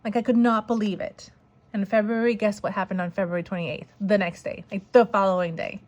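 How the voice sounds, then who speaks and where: A woman in her forties chatting casually on a budgeting vlog, rambling and excited, with a lot of "like" fillers. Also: mid-range voice, a little fast. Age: 40s. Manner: rambling and excited, heavy use of "like". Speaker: budgeting vlogger. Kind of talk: casual chat.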